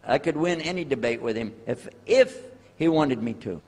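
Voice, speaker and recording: An older man, a preacher, telling a personal story to an audience and acting out the dialogue with lively shifts of voice. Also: medium pitch, normal speed. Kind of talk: storytelling lecture. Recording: husky voice in a long-reverb hall.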